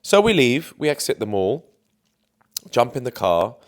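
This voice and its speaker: A man's voice: medium pitch, very animated, measured pace. A young man telling a dating story to camera in a chatty, confident way, full of fillers. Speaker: dating coach.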